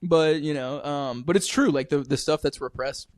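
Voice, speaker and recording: A man's voice: on the high side, normal speed, dry recording. A man, chatting casually and swearing as he tells stories. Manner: loose, swearing, slangy storyteller. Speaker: podcast host. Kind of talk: casual chat.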